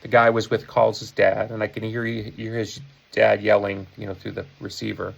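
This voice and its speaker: Rock musician, 50s, male, from the Chicago area: gravelly, lowish voice, loose storytelling with chuckles. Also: flat delivery, normal speed, dull audio. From Chicago area, USA. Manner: rambling, self-correcting, with chuckles. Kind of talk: casual anecdote told to camera.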